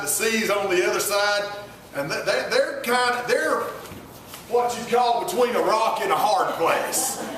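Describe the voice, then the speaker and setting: A man retelling a story in a folksy, rambling sermon, tossing little asides to his listeners and restarting his sentences. His voice sits fairly high and he talks unhurriedly. The sound is very echoey and comes from well away from the mic. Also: a bit bright, a little hiss or hum. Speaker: preacher. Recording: very echoey room, mic far off.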